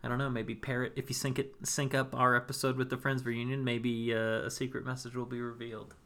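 A man's voice: medium pitch, little pitch movement, fairly quick, fairly bright tone. A man co-hosting a podcast, chatting casually and rambling with many fillers. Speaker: podcast co-host.

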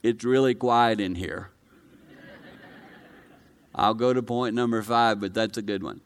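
Smooth-voiced male pastor preaching. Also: a little slow. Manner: swings from low and quiet to loud, high-pitched excitement; conversational, personal preaching with direct address. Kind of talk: sermon to a live congregation.

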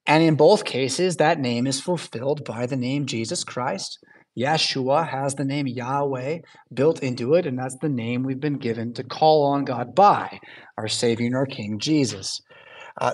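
Chatty pastor preaching in church. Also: male voice, mid-range voice, animated, measured pace. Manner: chatty asides, checks in with "right?" and "yeah?". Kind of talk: conversational sermon.

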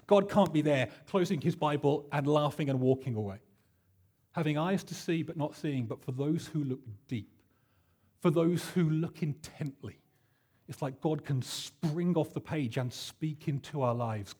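A man preaching a sermon, telling stories with animated voices for the people in them. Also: fairly high pitch, slightly rough. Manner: animated storytelling, acting out voices in quotes. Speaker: pastor.

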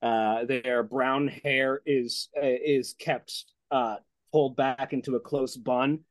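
A man running a tabletop game as game master, describing the world in an unhurried way with frequent fillers. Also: mid-range voice, steady tone, dry recording.

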